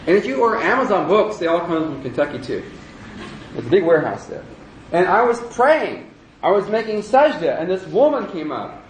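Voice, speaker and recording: A male religious teacher lectures in a roomy, echoing hall, his voice sitting a little high for a man. He rambles conversationally, wanders into joking asides, and comes back to his point. A faint hiss sits under the recording. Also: sing-song, brisk. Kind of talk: lecture with humor. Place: lecture room with audience. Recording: roomy echoey lecture room.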